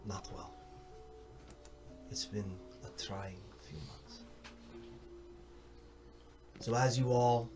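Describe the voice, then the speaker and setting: A man's voice: mid-range voice, darkish tone, far from the mic. Man narrating as dungeon master. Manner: descriptive, slow dramatic narration with fillers. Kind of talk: narrating a tabletop game.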